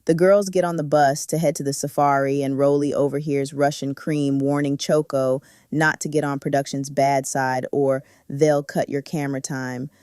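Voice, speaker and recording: A woman's voice: very deep voice, level tone, normal speed, hardly any pauses, a little mellow, smooth, no echo, studio quality. A woman giving a sassy, slang-heavy reality-show recap commentary. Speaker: recap reviewer.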